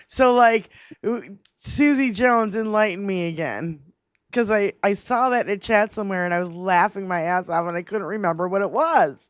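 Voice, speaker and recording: A woman's voice: medium pitch, moderate pace, dry recording, studio quality. A woman co-hosting a political livestream in casual chat, swearing freely, laughing often and reading out viewer comments. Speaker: livestream co-host.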